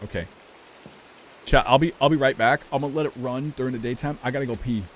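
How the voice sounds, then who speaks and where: A man's voice: mid-range voice, fairly even intonation, quick pace, slight background noise. A young man from the United States, a streamer rambling casually to his chat while gaming, loose and profane.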